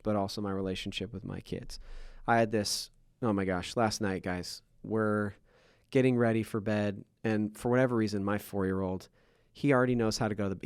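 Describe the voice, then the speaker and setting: A man in his thirties talks candidly and earnestly on a podcast, stopping to restart his thoughts. His voice sits fairly low. The sound is dry and close, with no room around it. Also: darkish tone, dry recording. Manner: earnest, confessional, full of fillers and self-corrections. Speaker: podcast co-host. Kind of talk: candid personal podcast conversation.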